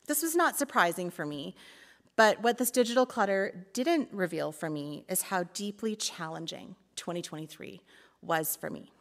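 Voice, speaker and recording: A woman's voice: lowish voice, lively intonation, moderate pace, gravelly. A woman community life pastor giving a reflective sermon talk in church, playful and laughing at times, then earnest.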